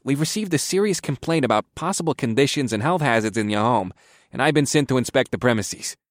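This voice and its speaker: A man's voice: a little high, lively intonation, a little fast, dry recording, clean studio sound, voice pushed up, natural voice. A man voicing a nervous, apologetic male health inspector who stammers when flustered.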